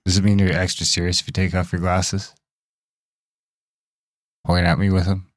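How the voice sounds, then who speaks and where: Man, very low voice, teasing podcast co-host, joking interjections, dry close sound. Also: flat delivery, moderate pace, no echo. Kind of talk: casual chat.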